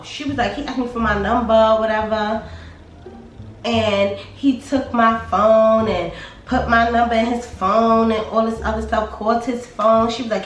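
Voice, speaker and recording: A woman's voice: mid-range voice, recorded from a distance. Chatty woman telling a story in an echoey room. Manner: chatty, animated retelling with quoted dialogue and fillers. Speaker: storytime vlogger. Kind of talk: casual storytime vlog. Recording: echoey room, voice a bit off-mic, faint music.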